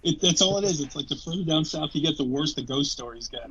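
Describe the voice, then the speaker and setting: A man's voice: a little high, expressive, fast talker, over a noisy crowd. A man hosting a casual podcast chat, teasing and joking sarcastically. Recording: dull lo-fi sound.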